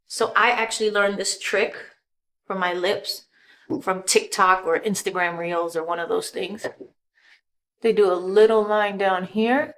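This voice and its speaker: A woman's voice: medium pitch, steady tone, measured pace, a bit bright. Middle-aged woman chatting through her makeup routine. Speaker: celebrity giving a makeup tutorial. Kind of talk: casual makeup tutorial talk.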